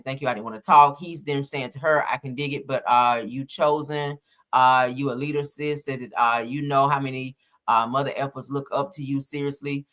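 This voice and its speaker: Bright-voiced woman reading gossip messages. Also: very deep voice. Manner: reads haltingly with many "uh" fillers, casual slang asides. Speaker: celebrity gossip commentator.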